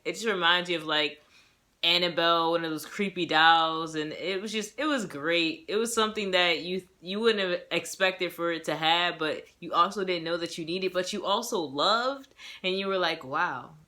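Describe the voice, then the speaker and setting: A young woman with a bright, crisp voice chats her way through a movie review. She rambles happily, laughs easily and acts out her own reactions as she gushes. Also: lowish voice, normal speed. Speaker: movie reviewer and self-published author. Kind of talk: casual movie review vlog.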